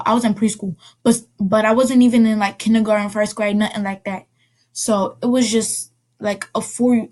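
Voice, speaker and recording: A woman casually telling a personal story as a vlogger, rambling and correcting herself with quick asides. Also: medium pitch, darkish tone.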